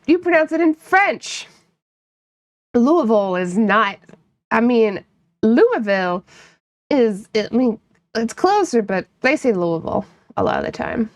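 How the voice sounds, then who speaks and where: Giggly high-voiced woman streamer. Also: animated, unhurried, no echo. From upstate New York. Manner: playful, laughs often, teases chat. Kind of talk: casual live-stream chat with viewers.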